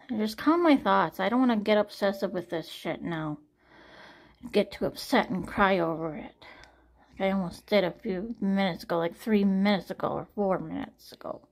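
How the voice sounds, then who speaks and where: A woman's voice: medium pitch, a little mellow. A woman in her forties talking anxiously to camera in a personal late-night vlog, sighing often and trailing off. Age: 40s. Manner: anxious, frequent sighs, trailing off. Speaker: vlogger.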